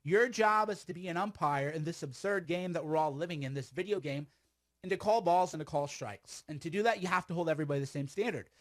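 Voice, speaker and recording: A man's voice: on the high side, quick pace. A man giving casual, sarcastic commentary on a video clip, rambling and laughing often.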